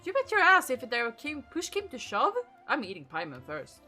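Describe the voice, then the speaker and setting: A woman streamer doing casual let's-play commentary, talking in a profane, animated and joking way. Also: sits high, normal speed. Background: game music.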